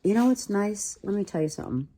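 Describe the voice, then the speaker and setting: A woman's voice: medium pitch, expressive, quick pace, mellow. A woman giving a casual tarot reading, musing aloud with repetitions and restarts. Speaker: tarot reader.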